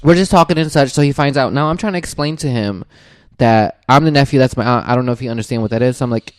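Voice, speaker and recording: Man, podcast host, casual chat, animated storytelling, mid pitch, dry recording. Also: fast talker, dry recording. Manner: animated, acts out quoted voices, laughs often.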